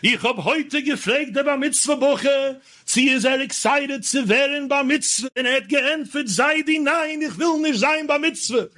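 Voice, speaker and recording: A man voicing his elderly grandfather, an old-time rabbi, who speaks slowly and emphatically as he preaches at a bar mitzvah. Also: very high-pitched, pushed and bright, pitched above the performer's own voice. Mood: fond preaching. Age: older. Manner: slow, emphatic preaching delivery.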